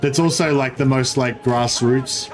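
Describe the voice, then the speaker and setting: A man's voice: medium pitch, steady tone, measured pace. An Australian man streaming a strategy game, chatting casually and rambling with many fillers and restarts. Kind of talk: casual gaming livestream chat.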